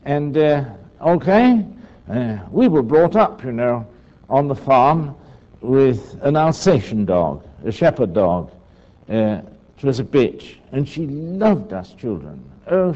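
A man's voice: medium pitch, sing-song, measured pace, warm tone. Older man talking chattily, dull recording. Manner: chatty, asks the listeners for agreement. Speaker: speaker giving a talk. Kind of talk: rambling talk with asides.

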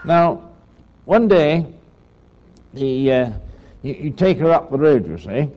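A man's voice: a little high, big pitch swings, slow. An older man giving a rambling, chatty talk, often asking his listeners to agree. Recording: dull lo-fi recording.

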